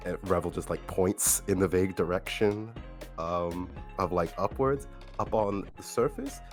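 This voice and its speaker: A man's voice: low-pitched, unhurried, faint music behind. A man playing in a tabletop role-play game, talking casually with lots of hesitation. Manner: hesitant, filler-heavy. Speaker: player. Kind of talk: casual in-character game talk.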